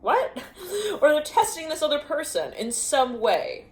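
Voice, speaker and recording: A woman's voice: high-pitched, very animated, unhurried. A woman giving an intuitive tarot reading to camera, rambling in fragments, often breaking into laughter. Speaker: tarot reader. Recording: echoey room with faint ambience.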